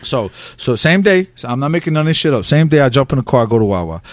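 A man's voice: mid-range voice, sing-song, fast talker, dry recording. A man hosting a podcast, telling a rambling, profane story in casual chat. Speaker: podcast host.

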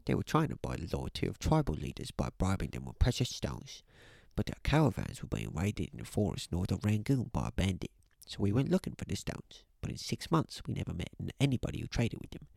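A calm older butler speaks, low and measured as he tells a story. A man puts on the voice, gravelly at the bottom and lively in its rise and fall. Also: no echo, clean studio sound, exaggerated voice. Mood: solemn.

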